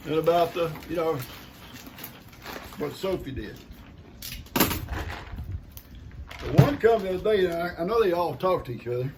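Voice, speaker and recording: An older man, chatting casually and folksily to camera while opening gifts and talking to his pets. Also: sits high. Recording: noisy home recording.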